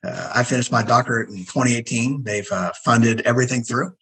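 A middle-aged man, a guest telling stories in a casual interview, animated and acting out the people he quotes. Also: mid-range voice, brisk, gravelly, rough recording. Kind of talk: casual storytelling.

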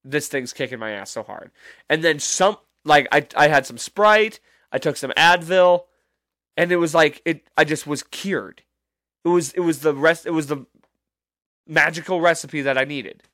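Podcast host, male, slightly high, incredulous storyteller who swears a lot, dry booth. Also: a bit bright, no room sound. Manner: rambling, profane, incredulous, many restarts. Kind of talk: casual storytelling monologue.

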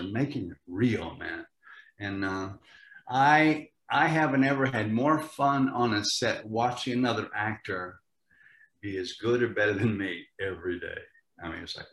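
An older actor telling animated stories in a casual interview, often repeating words as he starts a sentence. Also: medium pitch. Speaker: actor guest. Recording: roomy echo.

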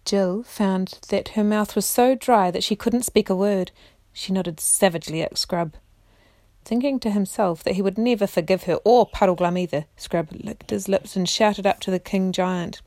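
A woman reads a children's chapter book aloud to her own children in a gentle, unhurried way. Her voice has a slightly gravelly edge. The sound is dry and close, with little room echo. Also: medium pitch. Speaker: parent reading aloud. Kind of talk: storybook reading aloud.

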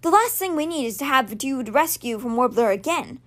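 An earnest young man in charge, steady and serious as he gives orders in a storybook scene, read by a woman in her own high voice. His voice sits high and keeps an even tone. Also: fairly quick. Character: young male leader, calm and earnest.

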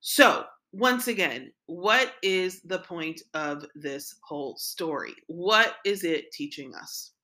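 Bright-voiced woman teaching casually. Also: lowish voice, animated, slow pace, few pauses. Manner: conversational, frequent "right?" and "like" asides. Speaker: Torah teacher. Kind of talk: informal Torah lesson.

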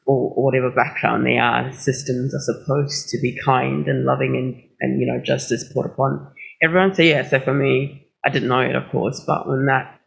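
A man earnestly sharing a reflection at a church service, in a halting way with restarts. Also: mid-range voice, creaky, low-quality recording.

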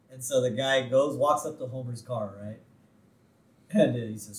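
A man co-hosting a podcast, laughing often as he excitedly recaps a cartoon episode and acts out its lines. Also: mid-range voice, normal speed, pauses often, distant mic. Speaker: podcast co-host. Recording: roomy, off-mic sound.

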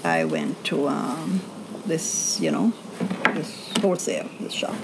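A woman's voice: low voice, unhurried. A middle-aged Jamaican woman with a Jamaican accent, telling a story in casual chat and acting out the people she quotes. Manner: animated storyteller, acts out quoted voices. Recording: loud background noise.

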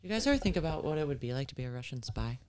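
A woman's voice: very deep voice, rapid-fire, a little hiss or hum. A woman in casual chat with friends, telling stories with lots of swearing and acting out what others said. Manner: animated storyteller, swears often, acts out others' lines.

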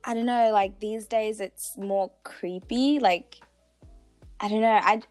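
A woman's voice: mid-range voice, fairly even intonation, slow, a little mellow, no echo, faint music behind. A young Australian woman co-hosting a podcast, chatting casually with frequent giggles and acted-out quotes. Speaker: podcast co-host. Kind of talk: casual chat.

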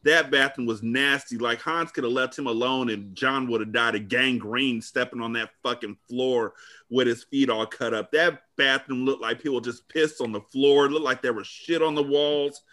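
Profane deep-voiced man recapping a movie. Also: steady tone, normal speed, bright, forceful tone. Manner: profane, rambling, retelling scenes. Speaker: podcast host. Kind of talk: casual movie-review chat.

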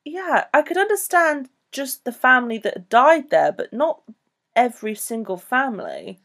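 A woman co-hosting a podcast, talking casually about a film in a rambling, animated way. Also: sits high, normal speed. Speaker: podcast co-host.

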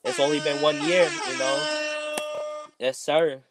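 A man's voice: a little high, steady tone, a little slow, loud music behind the voice. A man hosting a casual podcast, rambling with lots of ums while making announcements. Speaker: podcast host.

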